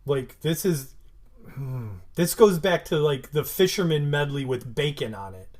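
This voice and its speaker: A man's voice: on the high side, animated, a little slow, a little mellow. A man co-hosting a podcast in casual recap chat, emphatic and slangy, swearing for laughs. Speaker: podcast co-host.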